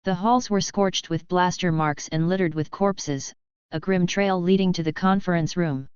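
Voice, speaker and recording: A woman narrates a story in an even, measured reading. Her voice is very clear and a little low, with a dry, slightly dull sound. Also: no room sound. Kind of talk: storybook narration of fan fiction.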